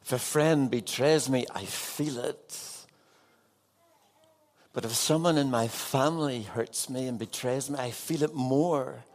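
A man's voice: mid-range voice, takes it slowly. A man preaching an evening sermon as a pastor, earnest and putting direct questions to his congregation.

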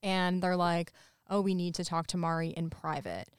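A woman's voice: fairly low pitch, little pitch movement, normal speed, smooth, no room sound, clean studio sound. A woman co-hosting a podcast, chatting casually and retelling movie scenes by quoting the characters. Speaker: podcast co-host. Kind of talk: casual chat recapping a movie.

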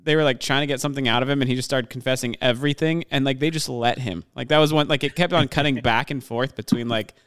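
A man's voice: medium pitch, steady tone, quick pace, few pauses, fairly bright tone, clean tone. A man chatting casually as a podcast co-host, rambling with many filler words and laughing often. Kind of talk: casual chat.

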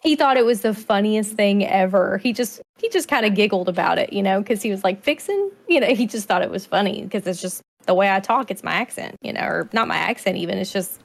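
A woman's voice: medium pitch, fast talker, creaky, hardly any pauses. A woman with a Southern US accent, chatting and laughing as a podcast co-host. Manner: chatty and laughing, animated when excited. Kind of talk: casual chat.

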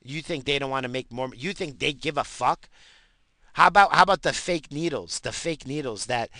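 A man rants in a heated, profane way, swearing and repeating himself. His voice is bright and forceful, and the recording is dry and close. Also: mid-range voice, moderate pace, no echo. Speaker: self-described stoner. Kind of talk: profane conspiracy rant.

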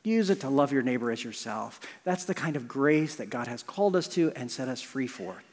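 A middle-aged male pastor preaching a sermon, shifting from loud emphasis to hushed near-whispers. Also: medium pitch, animated, brisk. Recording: long hall reverb.

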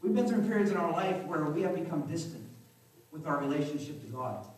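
A pastor preaches in a relaxed, conversational way, often repeating a phrase and asking the room whether they agree. His voice sits fairly high for a man. He sounds a little distant from the mic, and a heavy echo from the sanctuary hangs on every word. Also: brisk. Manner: conversational, repeats phrases, asks the congregation questions. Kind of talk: sermon. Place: church sanctuary. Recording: very echoey church hall, mic from a distance.

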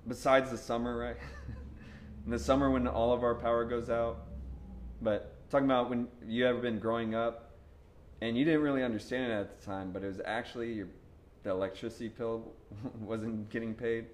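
A young man preaching a sermon in a conversational, animated way, telling stories with slang and bursts of shouting. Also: mid-range voice, normal speed, slight background noise.

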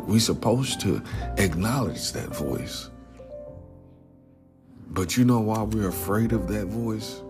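A man with a very low voice talks slowly and earnestly in an informal devotional message. He often sinks to a whisper on key words and keeps a casual tone, calling listeners "man". Clear music plays under him. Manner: casual, repeatedly says "man". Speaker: Christian speaker.

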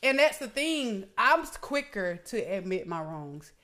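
A woman's voice: medium pitch, measured pace. A woman co-hosting a casual chat, candidly talking about her relationship. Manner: candid, frank, relaxed storytelling. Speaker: co-host.

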